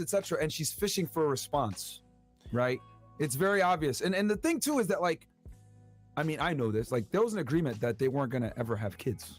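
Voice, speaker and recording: A man co-hosting a podcast in fast casual chat, animated and quoting others in a raised voice. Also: fairly high pitch, soft background music. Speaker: podcast co-host.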